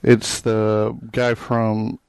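A man chatting casually as a guest, giving calm, low-key replies. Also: very slow, creaky, clean tone, no echo. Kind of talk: casual chat.

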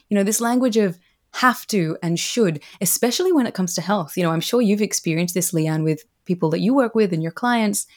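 A woman's voice: medium pitch, lively intonation, a little fast, a little mellow. Earnest woman explaining ideas as a guest. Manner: explanatory and earnest, with many "you know"s. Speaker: guest, wellbeing researcher. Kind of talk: casual conversational interview.

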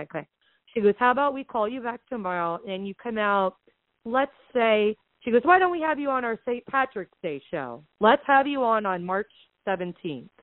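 A woman, a podcast guest who invests in real estate, telling a story in a casual, animated way and acting out the dialogue. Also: mid-range voice, no echo. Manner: animated retelling that acts out quoted dialogue. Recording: dry, tinny phone-line sound.

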